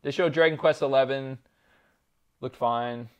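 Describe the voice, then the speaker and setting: A man's voice: medium pitch, fairly even intonation, unhurried, clean tone. A man co-hosting a casual podcast chat, rambling with lots of fillers, laughter and swearing. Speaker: podcast co-host.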